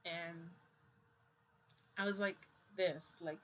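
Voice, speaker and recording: A woman's voice: low-pitched, normal speed, a little hiss or hum, rough recording. Chatty woman telling a story. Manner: chatty, lots of "I'm like". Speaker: vlogger. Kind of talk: casual storytelling.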